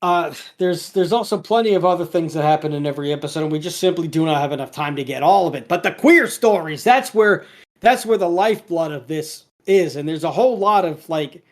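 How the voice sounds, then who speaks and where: A man co-hosting a podcast, retelling a cartoon episode in a rambling casual way, full of restarts and fillers, now and then quoting the characters. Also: on the high side. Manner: quotes characters in a lightly acted voice. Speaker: podcast co-host.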